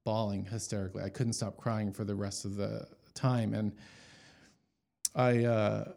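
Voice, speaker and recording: Guy sharing his conversion story, kinda low voice, lots of likes and restarts. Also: flat delivery, a little slow, creaky, a little mellow. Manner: emotional, storytelling, many fillers and restarts. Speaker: interview guest. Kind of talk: personal testimony in an interview.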